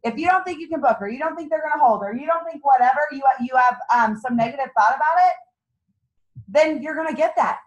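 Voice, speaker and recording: A team leader running a sales meeting gives her group a motivational talk in a small room, bubbly and laughing often as she pushes them to get excited. She has a high, bright voice and talks fast, and the sound is lo-fi.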